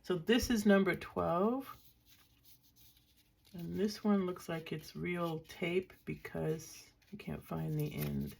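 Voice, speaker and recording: Gravelly older woman chatting over crafts. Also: on the low side, steady tone, takes it slowly, a little mellow. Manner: chatty, thinking aloud, dry self-mocking. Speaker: craft vlogger. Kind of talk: casual crafting show-and-tell.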